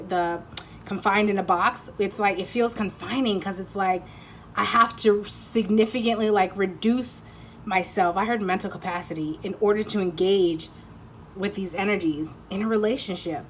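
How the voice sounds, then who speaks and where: A woman's voice: medium pitch, a little hiss or hum. A woman giving a casual pick-a-card tarot reading, rambling and teasing, often breaking into laughter.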